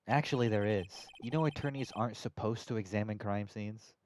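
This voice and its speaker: A young man streaming a game, chatting casually, excitable and swearing often. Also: on the low side, brisk, a little hiss or hum. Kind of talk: casual let's-play banter.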